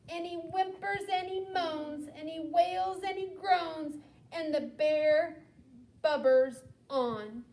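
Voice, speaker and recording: A young adult woman teacher reading a picture book aloud to children in an animated, expressive way, with asides to them. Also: extremely high pitch, takes it slowly. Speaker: teacher leading a language group. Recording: echoey room with faint background hum.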